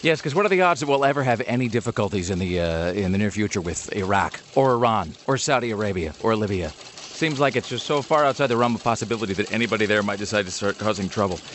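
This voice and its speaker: A man's voice: fairly low pitch, expressive, fast, fairly bright tone, a little hiss or hum. A man co-hosting a radio show, riffing on the news in a sarcastic, rambling way. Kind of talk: casual comedic chat.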